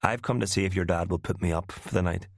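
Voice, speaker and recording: A man reading the part of a charming, calculating gunman on the run, with a smooth, persuasive manner. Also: sits low, quick pace, no room sound, studio quality.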